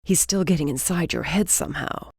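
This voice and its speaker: A woman voicing a rough-spoken young man who keeps his voice low and angry while he tends someone hurt. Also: fairly quick, darkish tone, no echo, clean studio sound. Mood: gruff.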